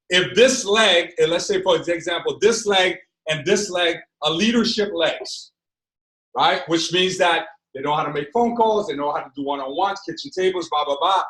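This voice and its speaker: A man giving a live sales training seminar, energetic, checking in with his audience and acting out conversations. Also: high-pitched. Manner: acts out dialogue with quoted voices. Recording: echoey room, mic far off.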